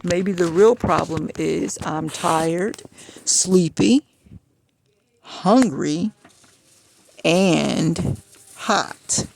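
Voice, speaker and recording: Gravelly-voiced woman, agitated personal rant. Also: lowish voice, drawn-out words, long pauses, a little mellow. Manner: agitated, frustrated storytelling.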